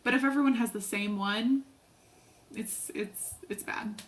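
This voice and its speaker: A young woman guest chatting casually on a live stream, quick and anecdotal, laughing easily. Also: on the high side. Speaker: guest co-host.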